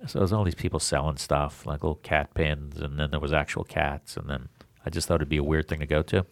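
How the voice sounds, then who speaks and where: A man hosting a podcast interview, chatting casually in a halting, rambling way and laughing often. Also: a bass voice, steady tone, gravelly, no room sound. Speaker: podcast host.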